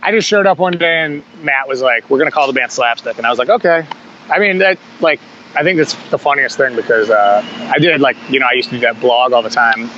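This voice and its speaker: A man with a middle-pitched voice tells rambling stories about his punk band, swearing freely and chuckling as he goes. The audio sounds dull and lo-fi, with a faint hum of air conditioning underneath. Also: fast, sharp tone. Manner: loose, rambling storytelling with frequent swearing and chuckles. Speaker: podcast guest, singer in a punk band. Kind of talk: casual conversational interview.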